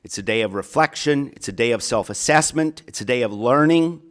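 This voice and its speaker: Brief: middle-aged male speaker, Minnesota accent, clear resonant tone, folksy address. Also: on the low side, lively intonation, brisk, a bit bright. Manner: folksy, repeats phrases. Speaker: college counselor. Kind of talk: keynote speech.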